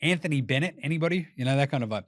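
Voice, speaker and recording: A man's voice: fairly high pitch, expressive, racing, no room sound, studio quality. A man with an Australian accent hosting a casual basketball commentary show. He talks in a jokey, profane way and mocks teams in put-on voices. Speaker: basketball podcast host.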